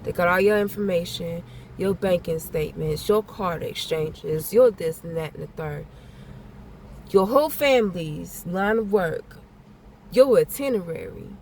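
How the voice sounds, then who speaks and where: Woman, lower register, casual blunt spiritual vlogger who repeats her warnings and swears, traffic noise loud behind her. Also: animated, unhurried. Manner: blunt, repetitive, swears freely. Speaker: spiritual vlogger giving a channeled message.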